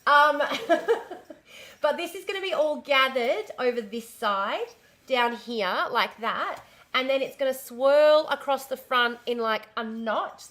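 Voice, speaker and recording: This streamer chats loosely as she holds up the dress she's been sewing, wandering off topic and cursing without restraint. She has a fairly high, sharp-toned voice.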